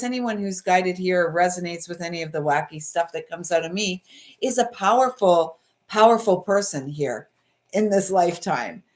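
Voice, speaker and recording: A woman's voice: mid-range voice, darkish tone. Gushing Canadian-born woman in her fifties reading cards. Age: 50s. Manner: gushing, meandering, emotional. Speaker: intuitive card reader, livestream host. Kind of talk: live card reading chat.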